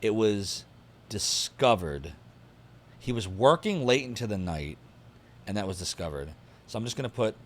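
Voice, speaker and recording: A low-pitched man with a lively, swinging delivery, casually streaming a mystery game. He reads the in-game articles aloud, then muses to himself in a chatty, thinking-out-loud way as he writes down clues. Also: normal speed, pauses often, a little hiss or hum. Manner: chatty, thinks aloud while taking notes. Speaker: streamer playing a detective game. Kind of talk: casual live-stream commentary, reading game text aloud.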